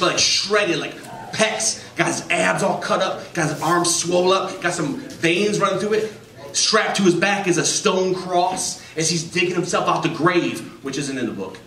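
A man doing a stand-up comedy set in a club, telling stories deadpan and acting out his customers. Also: high-pitched. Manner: deadpan storytelling, voicing customers. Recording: roomy, distant, noisy club recording. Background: audience laughter.

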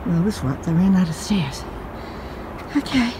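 A woman's voice: fairly low pitch, expressive, measured pace, noisy background. An older woman narrating a casual walking vlog outdoors on a hiking trail, chatty and self-deprecating, a bit out of breath, talking to herself as she goes. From New England, USA. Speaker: vlogger.

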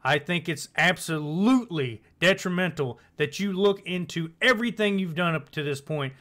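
Casual commentary host, male; rambling, profane delivery with a high, bright tone. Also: normal speed. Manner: rambling, swears, trails off and restarts.

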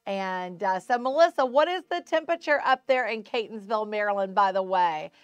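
Woman, live shopping host, smooth clear voice, dry close sound, chatty sales patter. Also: mid-range voice, expressive, brisk, dry recording, lo-fi sound. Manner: chatty, greets viewers by name, upbeat sales patter. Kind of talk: live shopping show chat.

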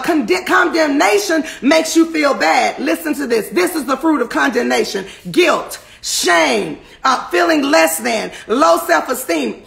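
Woman preacher, fast and fiery, gravelly with a forceful edge; suited to an online sermon read. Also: high voice. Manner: fast, impassioned preaching, often shouting. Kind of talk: fervent online sermon and prayer.

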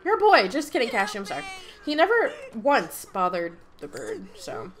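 A woman hosting a let's play, talking in an animated, emotional way and laughing often. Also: a little high, normal speed. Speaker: gaming channel host.

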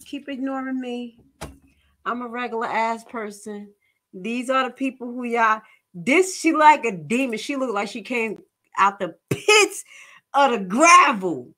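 Woman, reaction commentary, mocking, profane, bright tone, unhurried delivery. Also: on the high side, animated. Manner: dramatic outbursts of disgust. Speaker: commentary vlogger.

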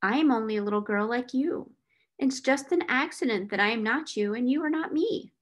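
A woman voicing a kind young girl who speaks softly and reassuringly. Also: fairly high pitch, a little fast, natural voice. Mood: gentle.

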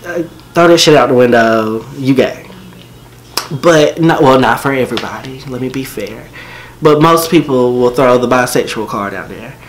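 A man's voice: mid-range voice, fairly bright tone, a little hiss or hum. A man telling a personal story to camera in a casual, slangy, joking way.

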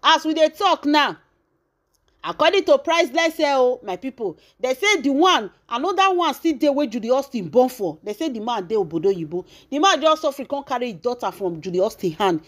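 A woman's voice: high voice, very animated, brisk. A woman with a Nigerian accent hosting a celebrity gossip channel, retelling the story dramatically with exclamations and acted-out quotes.

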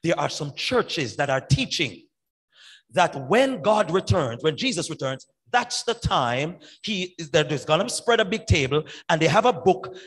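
High voiced pastor guy preaching, shouts then goes quiet, big church hall echo. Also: husky. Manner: emphatic preaching, swings from loud shouted peaks to quiet asides. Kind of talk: evangelistic sermon. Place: large church sanctuary. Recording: long church hall reverb.

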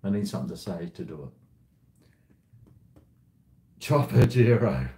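A man talks slowly in a low, mellow voice on a casual live stream from home. He rambles and swears freely. His voice rings around an echoey room. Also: sing-song, gravelly, a little hiss or hum.

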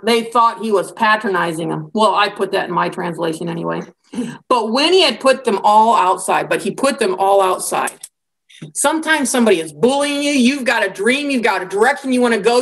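A woman giving a conversational Bible lecture, telling the story in a lively way with casual asides. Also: medium pitch, creaky. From American Midwest.

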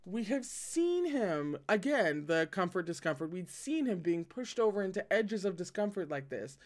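A man's voice: sits high, expressive, moderate pace. A man reading a novel aloud and breaking off into casual commentary. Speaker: reader and commentator.

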